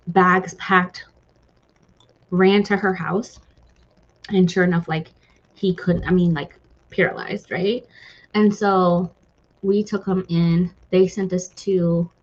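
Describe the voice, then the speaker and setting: Female streamer, casual emotional chatter, husky tone, muffled lo-fi audio. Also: fairly low pitch. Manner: emotional, rambling, many fillers and restarts. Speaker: host of a reading stream. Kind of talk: casual chat with live viewers.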